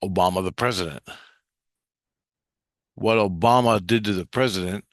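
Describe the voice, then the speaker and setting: A man's voice: low voice, moderate pace, no echo, studio quality. A man rambling through a profane, intense monologue about his spiritual experiences.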